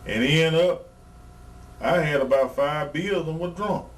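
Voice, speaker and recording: A man's voice: a little high, unhurried. Blunt profane man, distant mic. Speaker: retired pro wrestler, guest. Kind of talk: casual interview storytelling. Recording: distant mic, faint background noise.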